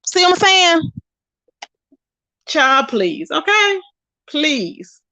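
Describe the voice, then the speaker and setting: A woman's voice: high voice, very animated, drawn-out words, bright, forceful tone, dry recording. A woman hosting a livestream, ranting with profane, scornful trash talk and sassy asides to her viewers. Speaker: livestream host.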